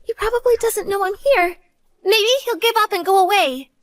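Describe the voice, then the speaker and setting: A woman's voice: very high-pitched, moderate pace, dry recording. A woman voicing an earnest, devoted college-age daughter who talks to her mother. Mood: frightened. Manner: earnest, pleading.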